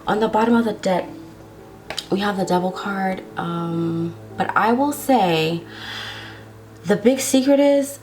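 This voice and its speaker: A woman's voice: medium pitch, darkish tone. A woman giving a casual tarot love reading to her viewers, chatty and drawn out, often checking in with "okay?". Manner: chatty, drawn-out words, frequent "okay?" tags. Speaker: tarot reader.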